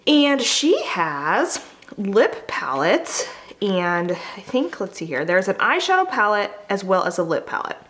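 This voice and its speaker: A woman's voice: medium pitch, very animated, measured pace, a bit bright. A woman beauty vlogger and makeup artist, chatting casually and enthusiastically as she unboxes products, with plenty of fillers.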